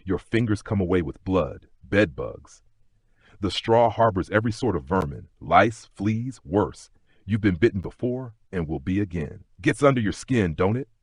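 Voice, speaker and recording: A man narrating a history sleep story in a slow, gentle second-person telling. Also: deep voice, animated, slightly rough, dry recording, clean studio sound.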